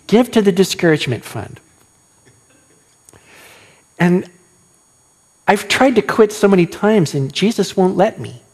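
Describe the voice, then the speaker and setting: A man preaching a sermon as pastor, animated and questioning his listeners, acting out quoted lines. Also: high-pitched.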